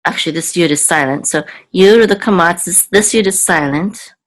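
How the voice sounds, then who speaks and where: A woman's voice: lowish voice, normal speed. A woman teaching an online language lesson, going patiently word by word with frequent ums and self-corrections. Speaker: Hebrew teacher.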